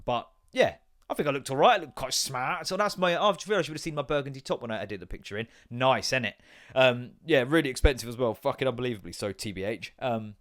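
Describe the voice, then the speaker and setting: Brief: thirties male podcast host, casual sweary storyteller, mid pitch. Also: quick pace. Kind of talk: casual comedic monologue.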